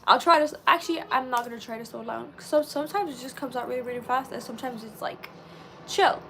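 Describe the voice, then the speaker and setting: Bubbly high-voiced woman streaming live. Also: noisy background. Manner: chatty and bubbly, says she talks very fast. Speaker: livestream host. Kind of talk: casual live-stream chat, reading comments.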